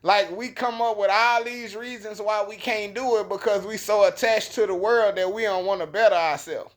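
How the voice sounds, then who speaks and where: A man's voice: high voice, fairly even intonation, normal speed. A man giving a casual, slangy Bible lesson, telling the story in an emphatic conversational way. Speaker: bible teacher. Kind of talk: casual preaching monologue.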